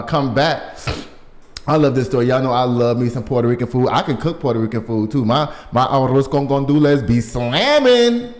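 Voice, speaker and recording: A man hosting a casual news show, reading stories and riffing on them with lots of laughter. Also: fairly high pitch. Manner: animated, laughing, riffs on stories.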